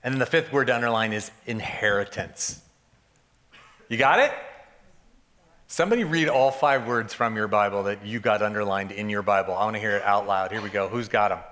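A man's voice: fairly low pitch, fairly quick, fairly bright tone. A man preaching a sermon to a congregation in church, joking and chatting informally as he teaches. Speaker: pastor. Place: church service before a congregation.

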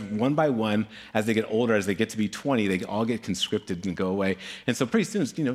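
A middle-aged man, a pastor, telling a story in a casual, animated sermon, keeps asking "right?" and acting out voices. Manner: animated, acts out voices with big pitch swings.

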